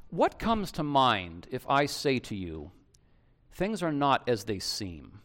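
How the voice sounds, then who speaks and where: A medium-pitched male pastor gives an animated sermon that feels like conversation. He keeps restarting lines and addresses questions directly to the people in the pews.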